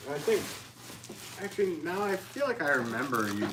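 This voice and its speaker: A man's voice: fairly high pitch, very animated, moderate pace, noisy background. A man, a potter hosting a livestream, talking loosely in a casual, rambling way and reading viewer comments aloud. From American Northeast.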